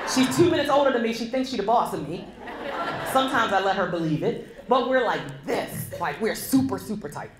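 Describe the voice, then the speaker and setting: Animated woman giving a keynote in a hall. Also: mid-range voice, moderate pace, long pauses. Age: 40s. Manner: animated storytelling, addresses the audience directly. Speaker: keynote speaker. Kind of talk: motivational keynote speech. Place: conference hall before a live audience. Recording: echoey hall with faint background noise.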